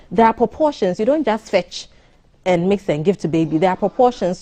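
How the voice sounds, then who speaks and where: Low-voiced woman doctor explaining. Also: warm tone. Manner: explanatory, measured, advisory. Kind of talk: studio interview on a morning TV show.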